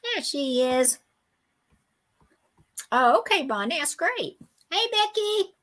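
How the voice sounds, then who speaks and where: A woman's voice: high voice, sing-song, slow pace, a bit bright. A woman with a Southern US accent hosting a live vintage sale stream, chatty and folksy and laughing often. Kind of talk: casual live-stream chat.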